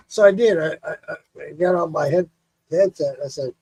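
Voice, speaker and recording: A man's voice: fairly high pitch, normal speed, slightly rough, rough recording. A man hosting a casual drinking chat, telling stories with cursing and laughter. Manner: animated storyteller, cursing and laughing. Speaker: show host.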